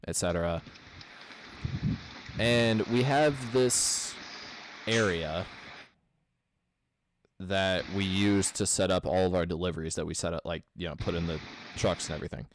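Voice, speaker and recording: Young midwest guy, low-ish voice, loose sweary storytelling, lots of "like". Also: a little hiss or hum. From American Midwest. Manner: rambling storyteller, swears a lot, many fillers. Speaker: podcast co-host telling a work story. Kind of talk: casual chat.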